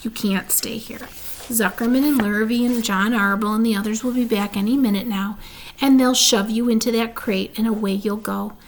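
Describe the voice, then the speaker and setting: A woman reading a storybook aloud, voicing a wise, calm female spider who speaks quietly and gently. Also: fairly high pitch, moderate pace, slight background noise, natural voice. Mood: firm calm.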